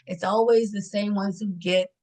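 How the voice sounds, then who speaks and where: In a relaxed interview, a middle-aged hair and image stylist from Washington D.C. talks shop at a moderate pace in a mid-range voice. She tells her stories with energy, laughs a lot and acts out the voices of the people she describes.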